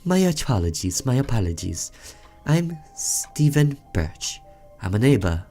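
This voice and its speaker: A man's voice: mid-range voice, very animated, a little slow, warm tone, soft background music. A man voicing a nervous, overly polite male neighbor who apologizes and fusses as he speaks. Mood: flustered polite. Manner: apologetic and fussy.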